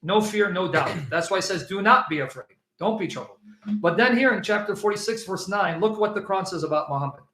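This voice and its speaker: Insistent high-voiced man arguing in an echoey room. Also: lively intonation, brisk, sharp tone. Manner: emphatic, insistent, quotes scripture with rising force. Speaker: Christian apologist. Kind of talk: debating religion with a listener.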